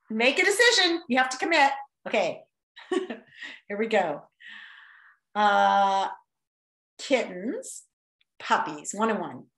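A woman teacher running a playful class vote on a video call, animated, exclaiming and laughing often. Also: mid-range voice, roomy sound.

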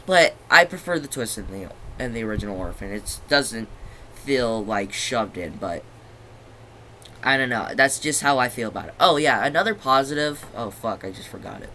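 A young man talks through his review in a bright, forceful voice, rambling and swearing as he goes. He keeps losing his train of thought. A faint hiss of background noise sits under his voice. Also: mid-range voice, lively intonation, normal speed. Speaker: movie reviewer. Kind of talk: casual video review.

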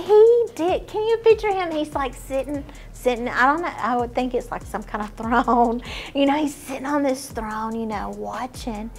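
A woman teaching children, telling a Bible story in an animated way and dropping to whispers for emphasis. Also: a little high.

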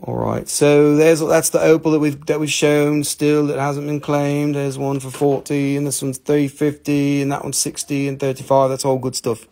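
A man's voice: on the high side, little pitch movement, normal speed, vocal fry, hardly any pauses, dark tone. A man hosting a casual live sales stream, joking, mocking himself and swearing casually as he shows off stones. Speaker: host selling minerals on a live stream.

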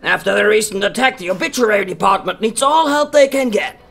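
Gravelly high-voiced newspaper boss played by a man, curt, dismissive. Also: brisk, a bit bright, faint music behind, full character voice. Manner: brusque, dismissive. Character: brusque male chief newspaper editor. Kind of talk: live stage puppet show acting.

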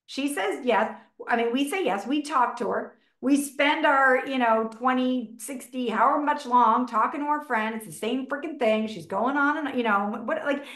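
A middle-aged relationship coach presents a masterclass as informal, unscripted teaching, chatty and heavy with fillers, acting out quick little dialogues. Her slightly high voice is a bit bright, and the echoey room rings noticeably around her.

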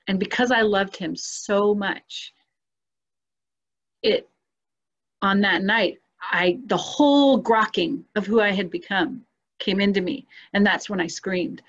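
A woman's voice: mid-range voice, unhurried, highs cut off. A woman telling a personal spiritual story in a casual, earnest and emotional way, as a guest on a video call.

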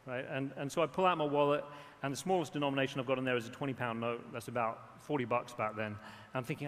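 A man's voice: mid-range voice, fairly even intonation, fast talker, a bit bright. A man from England with an English accent, preaching a storytelling sermon with quoted voices and frequent restarts. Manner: storytelling with quoted voices, repeats words when starting. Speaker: pastor. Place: church hall. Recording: long hall reverb.

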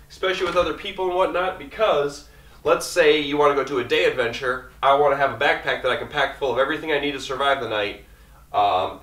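A man talking quickly and casually through his camping gear, rambling as he goes. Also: mid-range voice, fairly bright tone, distant mic. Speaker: outdoor vlogger. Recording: echoey room, mic set back.

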